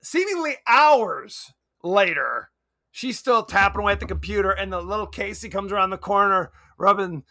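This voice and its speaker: A man's voice: high-pitched, lively intonation, normal speed, vocal fry, sharp tone. A man co-hosting a podcast, chatting casually and animatedly about a movie, often laughing and acting out lines. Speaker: podcast co-host.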